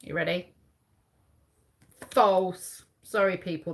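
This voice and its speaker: A woman in her forties from England runs a casual live quiz from a dim room at home. She reads out facts and chats with viewers by name, and her pitch rises and falls a lot as she talks. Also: big pitch swings, moderate pace. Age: 40s. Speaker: livestream host.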